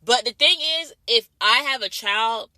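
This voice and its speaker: Woman from jamaica going off in a blunt, cussing rant, really bright cutting voice, bone dry sound. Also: fairly high pitch, normal speed, no echo. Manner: blunt, profane, repetitive. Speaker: vlogger. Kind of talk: casual ranting monologue.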